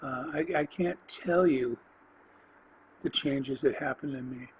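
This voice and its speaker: A man hosting a podcast, telling his personal faith testimony in an earnest, rambling way, with restarts and the odd throat clearing. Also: mid-range voice, measured pace, slight background noise, low-quality recording. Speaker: podcast host.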